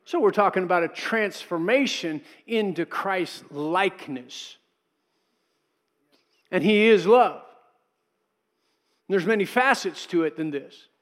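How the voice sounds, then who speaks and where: A man's voice: sits high, long reverb tail. A middle-aged male pastor preaching a sermon in a conversational way, acting out quotes and adding asides.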